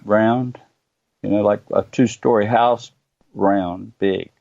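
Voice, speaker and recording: A middle-aged man, telling his own story as a guest in earnest, halting bursts with many pauses. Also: lowish voice, steady tone, gravelly, no room sound, phone-quality sound. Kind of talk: personal storytelling interview.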